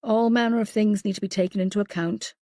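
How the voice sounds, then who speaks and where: A woman reading the lines of a calm, methodical male pathologist in an audiobook. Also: medium pitch, no room sound, clean studio sound, lightly acted. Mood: measured. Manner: measured, explanatory.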